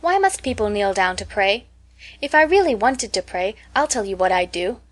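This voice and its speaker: A woman's voice: mid-range voice, expressive, normal speed, natural voice. A woman reading an audiobook and voicing a talkative, dreamy eleven-year-old orphan girl in a raised, eager voice.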